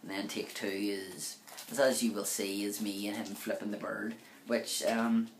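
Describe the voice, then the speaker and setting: A man's voice: on the low side, level tone, unhurried. A man telling stories casually to camera, rambling with lots of fillers and acting out what people said. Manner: rambling, chatty, many fillers, acts out quoted lines. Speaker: vlogger. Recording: echoey room with faint ambient noise.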